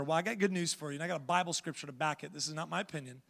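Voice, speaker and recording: A man pastor from the United States preaching a sermon, telling a story with animation and then building to loud exhortation. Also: fairly high pitch, rapid-fire, creaky, hardly any pauses, in a large hall.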